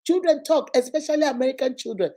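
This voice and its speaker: A woman's voice: high voice, expressive, quick pace, mellow, low-quality recording. A woman from Nigeria with a Nigerian accent, a schoolteacher giving a motivational talk to mothers, using emphatic, repetitive exhortation mixed with storytelling asides.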